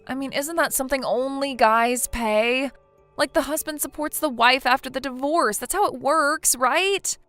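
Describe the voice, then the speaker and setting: A woman's voice: high-pitched, normal speed, fairly bright tone, no echo, soft background music. Vivian, a woman voicing a whiny, defensive wife. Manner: pleading, defensive. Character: self-pitying young wife, whiny and defensive. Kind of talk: text-message story read aloud.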